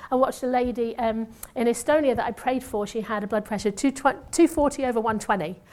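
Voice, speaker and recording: A woman's voice: fairly high pitch, quick pace, darkish tone. A woman, a former nurse sharing a testimony sermon in a chatty, self-mocking way with asides. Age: 50s. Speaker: church speaker and former nurse.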